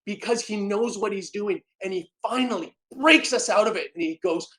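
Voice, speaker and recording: A man, a podcast guest, telling an emotional personal story in an animated, dramatic way that swings between loud and soft. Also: high voice, moderate pace, rough recording.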